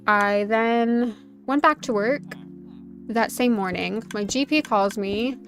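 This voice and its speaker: A woman's voice: on the high side, slow pace. A woman streaming a game, telling a personal story in a rambling, chatty way with plenty of "like" fillers. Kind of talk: casual chat while streaming a game. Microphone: desk USB microphone. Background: faint background music.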